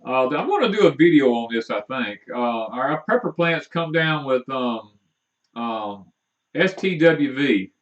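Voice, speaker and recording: A man co-hosting a homestead live stream, talking in a folksy, rambling way, halting with fillers. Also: medium pitch, very animated. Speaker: homestead livestream co-host. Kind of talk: casual live-stream chat. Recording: distant mic, dull muffled sound.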